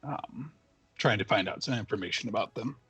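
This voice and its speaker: A man playing a tabletop game, speaking slowly and hesitantly with a husky voice. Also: fairly low pitch, pushed and bright, soft background music. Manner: slow, hesitant, chuckling. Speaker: player.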